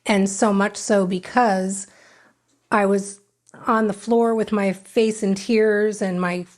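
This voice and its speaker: A woman's voice: medium pitch, fairly even intonation, slow pace, darkish tone. A middle-aged woman sits as a guest and tells her own recovery story. She speaks frankly and with real feeling. Now and then she slips into the voice she had at the time, replaying what she once said. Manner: frank, emotional, re-enacts her own past words. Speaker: podcast guest.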